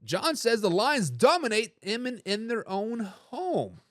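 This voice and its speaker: High-voiced, animated sports talk host. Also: male voice, slow, dry recording, clean studio sound. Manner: animated and casual, with slangy catchphrases and frequent restarts. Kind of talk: live NFL talk show, reading viewer comments.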